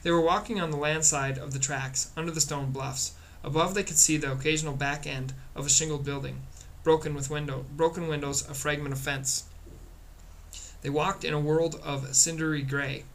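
A man narrating a storybook chapter in a steady, plain reading voice. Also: on the high side, moderate pace, slight background noise. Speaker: audiobook reader.

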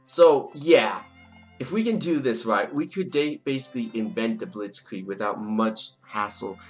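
A young man talks through a long strategy game session in a loose, joking way, often scolding or teasing the countries on screen. His voice sits at an ordinary middle pitch, and soft game music plays faintly underneath. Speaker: let's play gamer. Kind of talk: casual game commentary.

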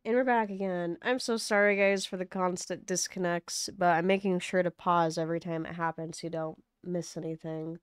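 A young woman streamer chatting casually and excitedly while playing a game. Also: fairly low pitch, moderate pace, hardly any pauses, clear, resonant tone, no echo, studio quality. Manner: chatty, apologetic, easily excited. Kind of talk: casual gameplay commentary.

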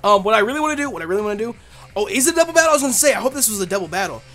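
Young guy yelling through a pokemon let's play, cussing nonstop, bright tone, pitch jumps around a lot. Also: rapid-fire, faint music behind. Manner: brash, profane, excitable. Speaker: gaming YouTuber.

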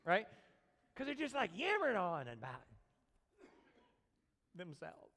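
A man preaching a sermon as a pastor, animated, acting out quoted voices and speaking directly to his congregation. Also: high voice, takes it slowly, pauses often. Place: church sanctuary. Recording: long church reverb.

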